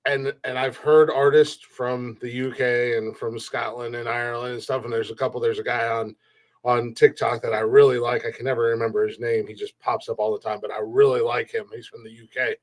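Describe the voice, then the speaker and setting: American man panelist, rambling, joking, middle-pitched voice. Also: little pitch movement, brisk. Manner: rambling, many restarts, jokey. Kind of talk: casual chat.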